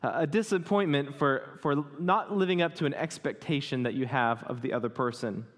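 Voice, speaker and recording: A man's voice: mid-range voice, normal speed. A man in his thirties, a pastor preaching a sermon in a conversational way, often asking the congregation questions. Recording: hall reverb.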